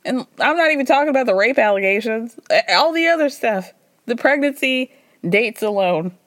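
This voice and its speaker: A woman's voice: a little high, expressive, normal speed, a bit bright, dry recording, studio quality. A woman hosting a podcast, recapping reality TV in a chatty, gossipy, wry way, with frequent laughter. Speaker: podcast host. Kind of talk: casual reality-TV recap chat.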